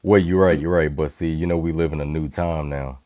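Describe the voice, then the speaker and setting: A man's voice: steady tone, brisk, mellow. A man co-hosting a casual podcast, laid-back and joking. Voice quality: deep smooth radio voice. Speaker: podcast co-host. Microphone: new microphone.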